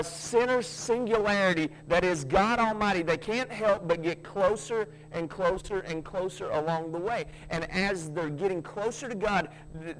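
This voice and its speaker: A man's voice: sits high, slight background noise, poor audio. A man preaching a sermon, folksy, with joking asides and frequent restarts. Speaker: pastor.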